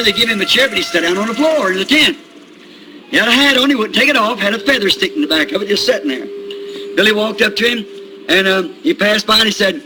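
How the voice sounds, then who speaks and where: A high-pitched older man preaching in a folksy storytelling way. His voice is sharp and cutting, and he chuckles between lines. There is a faint hiss under him. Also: lively intonation, fast, rough recording. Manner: folksy, chuckling anecdote telling. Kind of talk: sermon storytelling.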